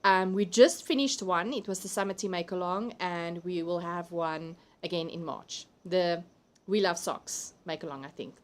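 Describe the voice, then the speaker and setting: A South African woman hosting a live crafting stream from home, chatting casually, laughing often and reading viewer comments aloud. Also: fairly low pitch. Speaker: livestream host.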